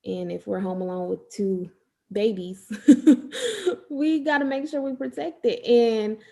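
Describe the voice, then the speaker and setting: A woman's voice: fairly high pitch, lively intonation, takes it slowly, gravelly, darkish tone. A woman from Georgia co-hosting a casual podcast, conversational and frank with her opinions. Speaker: podcast co-host. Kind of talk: casual chat.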